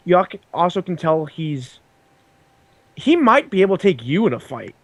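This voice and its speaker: A man narrating as game master of a tabletop role-play game, with many pauses and restarts. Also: sits high, big pitch swings, no echo. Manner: halting, with many ums and restarts.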